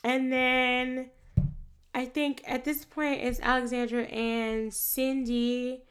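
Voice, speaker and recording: A woman in casual chat recapping a film, animated and profane, acting out the characters' lines as she goes. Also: high voice, takes it slowly, clear, resonant tone.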